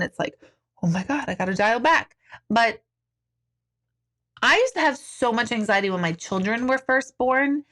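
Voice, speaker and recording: A woman hosting a casual live stream as an intuitive, reading out viewer comments in an animated, chatty way with casual swearing and frequent laughter. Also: fairly high pitch.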